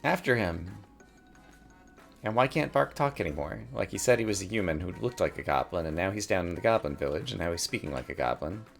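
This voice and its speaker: Let's play host, male, low-pitched, reads dialogue aloud with wry asides, faint background music. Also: expressive, quick pace, gravelly, hardly any pauses. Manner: reads game text aloud and comments wryly.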